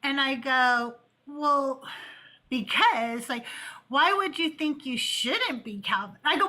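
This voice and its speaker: High, bright-voiced woman telling stories. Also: takes it slowly. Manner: animated, profane, retells arguments in quotes. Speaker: host of call-in show. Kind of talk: casual storytelling chat. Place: home with cats playing.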